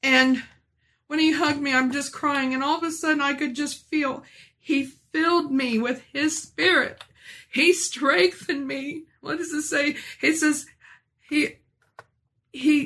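Bright, high-voiced woman giving testimony. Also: steady tone. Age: 40s. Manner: earnest, halting, with many restarts and fillers. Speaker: speaker sharing a personal testimony. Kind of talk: emotional religious testimony.

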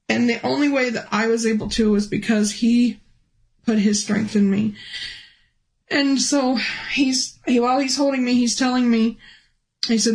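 Creaky-voiced woman telling an emotional testimony. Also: fairly even intonation, low-quality recording. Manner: halting, many restarts, rises high and emotional when recalling pleading. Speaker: guest telling a near-death testimony. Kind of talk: personal testimony, casual storytelling.

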